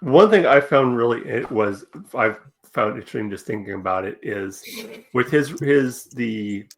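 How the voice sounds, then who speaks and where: A man's voice: medium pitch, lively intonation, unhurried, fairly bright tone. A man co-hosting a casual podcast discussion, hesitant and searching for words as he talks. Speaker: podcast co-host.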